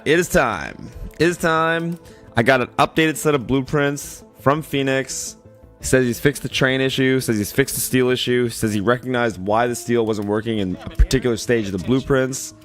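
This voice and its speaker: A man who has just woken up, with a raspy voice, chatting casually on a livestream, greeting viewers and rambling with lots of fillers. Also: medium pitch, fairly bright tone. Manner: loose and rambling, many "like" fillers, greets chat by name. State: just woke up, yawning. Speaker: streamer.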